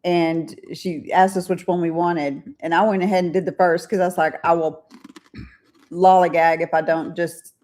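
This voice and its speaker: A woman's voice: on the low side, level tone, normal speed, a little mellow. An older woman co-hosting a casual livestream, chatty and teasing as she reads out viewer comments. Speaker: co-host of a livestream. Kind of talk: casual chat.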